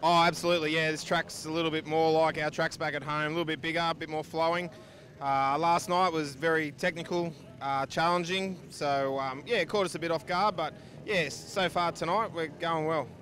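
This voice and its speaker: A man's voice: on the high side, steady tone, a little fast, a bit bright. An Australian man, a sidecar racer, answering trackside questions steadily and matter-of-factly. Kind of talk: casual trackside interview. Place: outdoor speedway pits.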